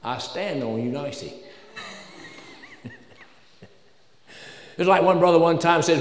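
A pastor from the Southern United States, with a Southern American accent, preaches a sermon in a church sanctuary. He speaks at normal speed in a medium-pitched voice with long pauses, folksy and joking at times, building to emphatic peaks. The church hall is echoey with long reverb.

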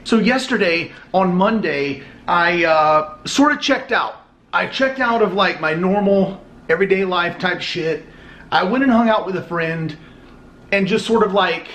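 A man's voice: high-pitched, a bit bright. A young man vlogging in a casual, rambling way, swearing often and filling his talk with "like". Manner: laid-back, profane, rambling with many "like" fillers. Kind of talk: casual vlog chat. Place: outdoors, in his car and indoors at home. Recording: roomy camera audio.

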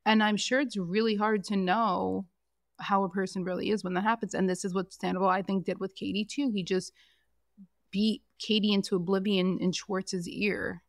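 A woman's voice: mid-range voice, moderate pace, no echo. Opinionated woman podcast co-host, dry close mic. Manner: animated, opinionated, acts out quotes from the show. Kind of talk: casual reality-TV recap chat.

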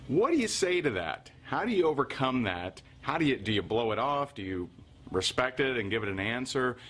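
A man's voice: medium pitch, sing-song, normal speed, fairly bright tone, a little hiss or hum. A man hosting his own show, talking casually to viewers and often asking "right?". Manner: chatty, keeps asking "right?"; frequent fillers and restarts. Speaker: show host.

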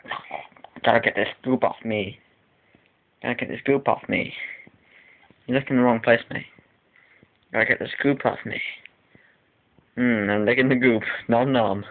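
A man's voice: medium pitch, unhurried, pauses often. Teen boy doing a grumbling goop-covered cat. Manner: grumbling, muttering to itself. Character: fussy male house cat covered in goop. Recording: tinny lo-fi with faint hiss.

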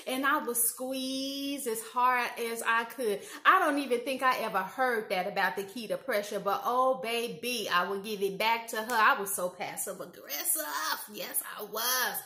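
A woman from Indiana telling personal stories in a casual monologue, animated, acting out quoted dialogue and saying "you know" and "like" often. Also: high voice, normal speed. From Indiana, USA. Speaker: YouTube commentator. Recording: roomy echo.

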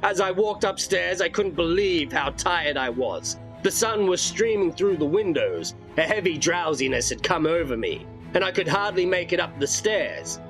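A man's voice: high voice, expressive, moderate pace, few pauses, music in the background, low-quality recording. A man reading a horror storybook aloud in dramatic first-person narration.

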